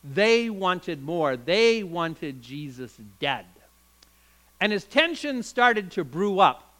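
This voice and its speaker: Bright-voiced man preaching a dramatic sermon. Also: high-pitched, big pitch swings, slow pace, poor audio. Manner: dramatic storytelling, emphatic.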